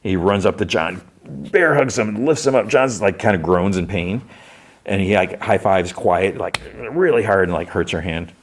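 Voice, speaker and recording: A man's voice: low voice, moderate pace. A male podcast host giving a casual, rambling recap, with lots of fillers and restarts. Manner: rambling, loose delivery full of "like" and restarts.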